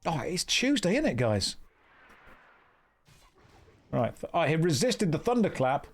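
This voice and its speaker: A man's voice: a little high, very animated, a little slow, soft background music. A young man from the American Midwest streaming a game, reading out chat and answering it in a dry, playful way. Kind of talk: casual live-stream commentary.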